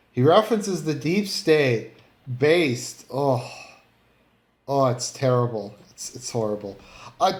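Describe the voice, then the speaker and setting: A man giving casual commentary online, rambling and blunt, with many fillers and some swearing. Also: medium pitch. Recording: roomy, echoey room.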